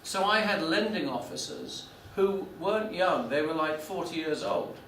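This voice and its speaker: Speaking a bit loudly to his class, this man in his 40s halts and restarts often, with many fillers, as he tells a story. His voice runs on the high side, animated and fairly bright. He sounds far from the mic in an echoey room, with a faint hum behind him.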